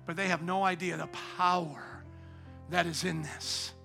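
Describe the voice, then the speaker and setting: Preaching a sermon in a church sanctuary, a male pastor uses a high, bright, ringing voice that's also gravelly, with a steady tone and measured pace. He drops into near-whispered asides, then rises to loud, shouted exhortation over soft instrumental music.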